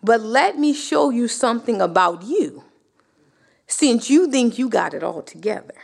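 God, calm and vast, as a woman preacher voices him. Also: on the high side, measured pace, gravelly, heavily acted. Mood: reassuring. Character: God, patient and vast, gently correcting.

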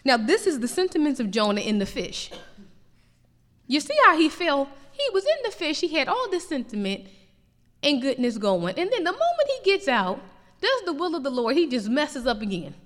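A woman preaches a sermon. Her fairly high voice swings widely and climbs to emphatic peaks. The sound carries the long reverb of a large hall. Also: sing-song, moderate pace.

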